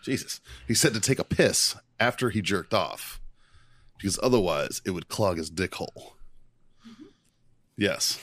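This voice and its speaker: A man's voice: low-pitched, expressive, a little slow, pauses often, a bit bright, no room sound. A man hosting a podcast, telling a crude war story in casual chat, swearing and laughing a lot. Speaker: podcast host, Marine veteran.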